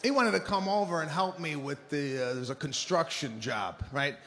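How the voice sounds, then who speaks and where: A middle-aged man doing a stand-up comedy set, telling stories in an exasperated, animated way and shouting his punchlines. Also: fairly high pitch, moderate pace.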